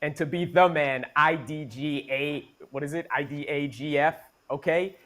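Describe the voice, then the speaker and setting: A man makes an emphatic, joking case on a podcast, stacking up rhetorical questions. His voice sits slightly high. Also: fairly even intonation, normal speed, fairly bright tone. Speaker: podcast co-host. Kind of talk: comedic opinion segment.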